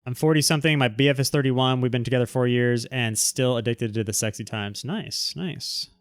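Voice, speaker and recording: A man's voice: medium pitch, fairly even intonation, fast, clear, resonant tone, dry recording. Frank, rambling man, dry sound. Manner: rambling, frank, many restarts. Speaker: livestream host. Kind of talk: casual chat reading viewer comments.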